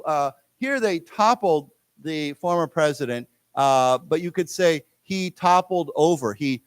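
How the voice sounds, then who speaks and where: A man with an American accent teaching English to a class of Chinese speakers, explaining words slowly and having everyone repeat them. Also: on the high side, dry recording. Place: lecture room in a library.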